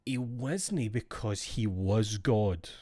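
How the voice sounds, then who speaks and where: A man's voice: lowish voice, slow pace, a little mellow, no room sound, studio quality. A man streaming, chatting casually in a rambling, profane, jokey way.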